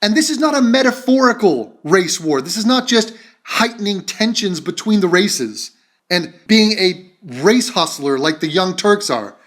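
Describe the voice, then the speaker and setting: A man's voice: high-pitched, expressive, measured pace, a bit bright. A man hosting a reaction commentary, delivering a profane, insulting rant. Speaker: commentary video host.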